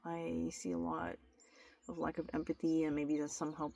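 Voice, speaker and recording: A woman's voice: low-pitched, little pitch movement, normal speed, vocal fry, a little mellow. A young woman in a candid, confessional vlog, talking straight to her camera with many restarts and fillers. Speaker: vlogger. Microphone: camera mic.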